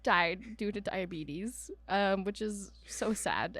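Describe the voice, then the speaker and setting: A young woman co-hosting a casual podcast, playful and quick with jokes and interjections. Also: mid-range voice, dry recording. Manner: playful, joking, animated interjections. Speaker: podcast co-host. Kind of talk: casual chat.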